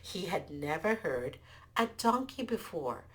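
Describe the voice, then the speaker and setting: Woman, folktale storyteller, slow, lowish pitch, expressive. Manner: warm, expressive, with restarts.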